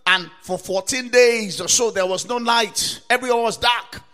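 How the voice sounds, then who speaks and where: High, bright-voiced preacher man. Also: normal speed. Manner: emphatic, repeats rhetorical questions, rises to shouts; quotes and cites scripture verses. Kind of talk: sermon. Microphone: recorded for broadcast to listeners or viewers.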